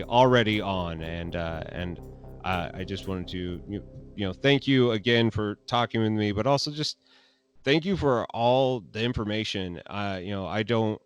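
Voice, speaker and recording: A man hosting a casual interview podcast, talking earnestly with frequent restarts. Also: lowish voice. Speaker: podcast host.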